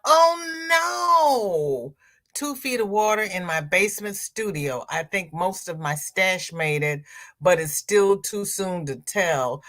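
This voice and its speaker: A woman's voice: lowish voice, a bit bright. A woman hosting a crochet livestream, chatting casually as she reads viewer comments aloud and answers them.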